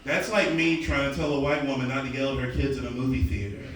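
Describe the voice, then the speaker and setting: A man's voice: mid-range voice, steady tone, fast, heavy background noise. A man from the American South, doing profane live stand-up comedy and bantering with the crowd. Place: underground comedy club. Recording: distant mic in an echoey club, loud crowd.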